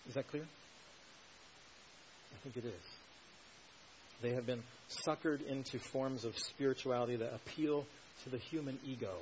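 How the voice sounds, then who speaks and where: Preacher, male, mid-pitched, punches key words, muffled recording with faint hiss. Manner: emphatic, swells to loud stresses, asks rhetorical questions. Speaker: pastor. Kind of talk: expository sermon.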